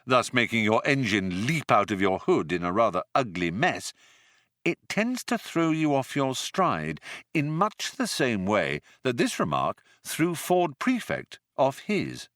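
A man's voice: mid-range voice, sing-song, unhurried, fairly bright tone, no echo. A man narrating an audiobook in a dry, wry storytelling manner. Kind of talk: scripted narration.

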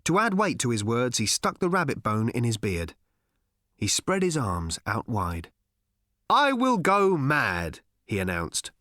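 Casting: male audiobook reader, wry and measured, expressive pitch, dead-dry studio sound. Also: dry recording. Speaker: audiobook narrator. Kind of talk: scripted audiobook narration.

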